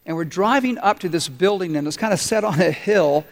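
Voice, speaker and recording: Male pastor, higher-pitched voice, preaching to his congregation and prompting them to fill in the words. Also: a little fast. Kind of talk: sermon. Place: church.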